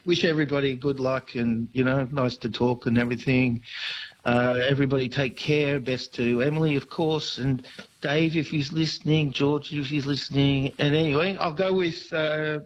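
A man's voice: mid-range voice, fairly even intonation, moderate pace, lo-fi sound, slight background noise. A man calling in to a radio quiz, rambling and hesitant with many ums. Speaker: caller. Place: phone line.

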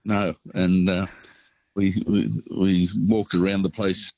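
Deep-voiced older Australian caller. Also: male voice, slow, dry recording, lo-fi sound. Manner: rambling, relaxed anecdotes. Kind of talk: phone-in storytelling.

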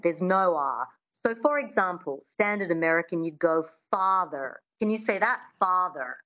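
A woman, a dialect coach explaining in an interview and demonstrating sounds slowly and precisely. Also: lowish voice, fairly bright tone, lo-fi sound. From Australia. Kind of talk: conversational interview, teaching.

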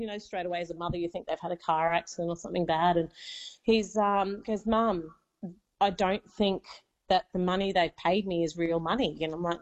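Chatty Australian mum, slightly dull sound. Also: female voice, medium pitch, normal speed. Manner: chatty, many fillers, becomes emotional. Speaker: caller. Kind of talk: telling a personal story on radio.

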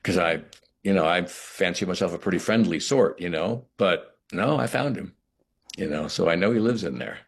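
A man's voice: low voice, creaky, breathy edge. A middle-aged man, an actor, talking reflectively in an interview, often restarting his sentences. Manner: reflective, halting with many restarts. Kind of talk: interview conversation.

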